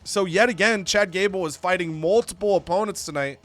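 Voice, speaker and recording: A young man hosting a gaming video, animated and storytelling, acting out characters as he recaps a wrestling game. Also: sits high, brisk, soft background music. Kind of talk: casual narration of a wrestling game save.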